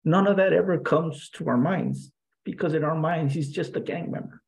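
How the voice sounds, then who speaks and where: A man, a guest in an interview, earnestly recounting a personal story in a halting way, with many restarts and fillers. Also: fairly high pitch, gravelly, low-quality recording.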